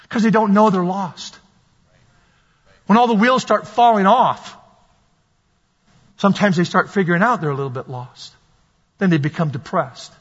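Male pastor, high husky voice, fervent repetitive sermon delivery, dull recording with a long echo. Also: normal speed, long pauses, a bit bright. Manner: impassioned, repetitive preaching, acts out quoted voices. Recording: dull lo-fi sound with long hall reverb.

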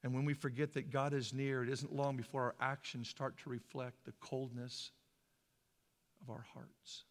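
A man from Idaho preaching a sermon as a pastor, shifting between hushed, slow passages and loud, fervent ones. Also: medium pitch, level tone. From Boise, Idaho. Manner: impassioned, swings from hushed to loud. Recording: long hall reverb.

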